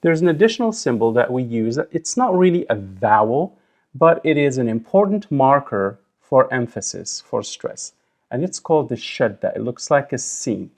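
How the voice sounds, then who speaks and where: A man teaching a recorded language lesson, sounding out syllables slowly and deliberately. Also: mid-range voice, animated, a little mellow. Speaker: Arabic teacher.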